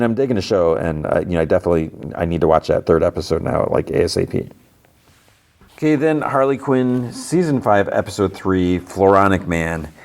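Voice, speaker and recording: Male podcast host, deep voice, loose casual recap, lots of filler and restarts. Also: darkish tone. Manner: rambling, full of "like" and "you know", frequent restarts.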